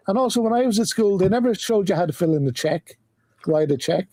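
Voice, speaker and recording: Hoarse man clearing his throat. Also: sits high, a little fast, mellow, no room sound. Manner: joking, clears throat often. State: hoarse, coming down with a cold. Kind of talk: casual chat.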